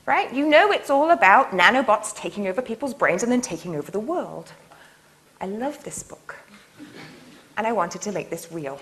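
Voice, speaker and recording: A woman nanotechnologist gives a public lecture in a university hall, telling stories playfully and enthusiastically with laughs. Her mid-range voice is very animated at a moderate pace, with background noise present.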